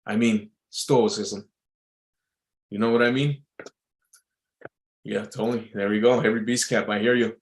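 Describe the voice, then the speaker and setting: A man's voice: on the low side, fairly even intonation, a little slow, pauses often, low-quality recording. A man talking casually in a loose, repetitive monologue, reading out quotes and musing on them with many restarts and fillers. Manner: reads out quotes and muses on them.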